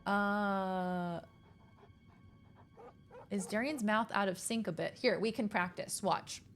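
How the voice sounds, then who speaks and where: A young adult woman streaming a game, chatting casually with her chat, excitable and easily rattled. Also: medium pitch, slow, soft background music.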